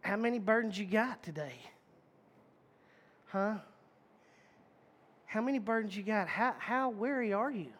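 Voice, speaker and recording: A man's voice: high-pitched, lively intonation, unhurried, pauses often, fairly bright tone. A male preacher giving a conversational sermon, folksy and emphatic, repeating phrases and restarting sentences as he talks.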